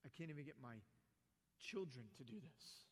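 A man preaching a sermon as pastor, animated and swelling loud, with casual asides to the church. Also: on the high side, normal speed. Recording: long reverb of a large hall.

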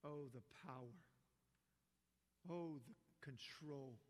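A man preaching a sermon as pastor, animated and swelling loud, with casual asides to the church. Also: a little high, slow pace. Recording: long reverb of a large hall.

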